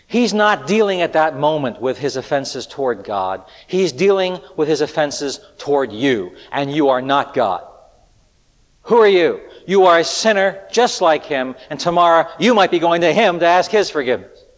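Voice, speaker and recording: Male preacher, earnest and rhetorical, somewhat high voice, echoey hall. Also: animated, unhurried. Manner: earnest, rhetorical, swings between loud appeals and hushed lines. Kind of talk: sermon. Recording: echoey hall with long reverb.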